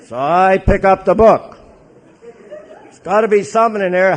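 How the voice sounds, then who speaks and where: A Canadian man and Catholic priest telling his recovery story to an audience in a joking, animated way. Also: sits high, normal speed. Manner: joking, animated storyteller who acts out others' voices.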